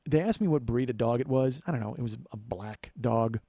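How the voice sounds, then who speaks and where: A man's voice: medium pitch, fairly quick, mellow, no echo. A male comedian and podcast host telling a profane, sardonic story as a ranting monologue.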